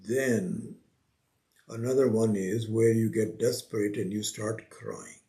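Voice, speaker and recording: A man teaching a spiritual scripture class, unhurried, repeating his phrases and acting out the seekers he quotes. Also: fairly low pitch, dark tone. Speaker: Vedanta teacher.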